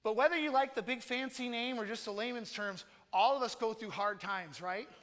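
A man with a very high, bright voice delivers a casual, joking sermon, stressing his points with emphasis. The sound rings out with a long reverb in a large church hall. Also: a little fast. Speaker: preacher. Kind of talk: conversational sermon.

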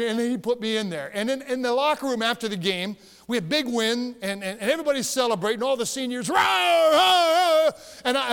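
A man preaching a sermon in a church, telling stories and growing emphatic. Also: very high-pitched. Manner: storytelling, emphatic, rising to shouts. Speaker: pastor. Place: church sanctuary. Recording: long reverb of a church hall.

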